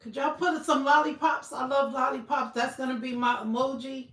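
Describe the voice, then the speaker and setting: Woman streamer, high voice, blunt and cussing, roomy echo, bit far from the mic. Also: fairly even intonation, moderate pace, fairly bright tone. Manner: blunt, profane, emphatic. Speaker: livestream host. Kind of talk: casual livestream chat.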